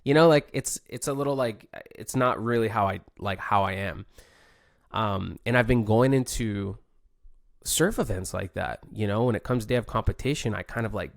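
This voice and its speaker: A man's voice: on the low side, moderate pace, creaky, no room sound, studio quality. A young man hosting a podcast, thinking aloud in a casual, rambling monologue full of fillers and restarts. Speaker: podcast host, competitive surfer.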